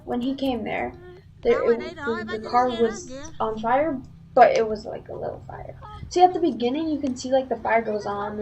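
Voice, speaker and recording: A woman's voice: on the high side, rough recording. A woman casually telling a story on a live stream, rambling with lots of "like" and restarts.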